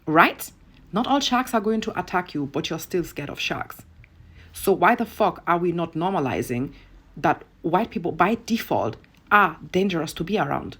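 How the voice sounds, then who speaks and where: A woman rants to camera in a husky, lowish voice. She is blunt and profane, leaning hard on each point with emphatic repetition. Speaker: online commentator. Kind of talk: impassioned rant to camera.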